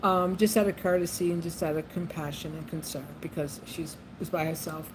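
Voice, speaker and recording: A woman's voice: low-pitched, steady tone, fairly quick. A woman vlogging in a casual monologue, chatty and repeating herself with frequent ums. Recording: noisy background ambience.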